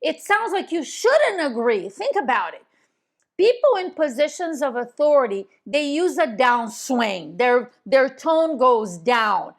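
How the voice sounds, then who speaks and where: Confident woman coaching, slightly high voice. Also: sing-song, unhurried. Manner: confident, emphatic, demonstrates tone with sudden pitch jumps. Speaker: real estate coach. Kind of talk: instructional video talk.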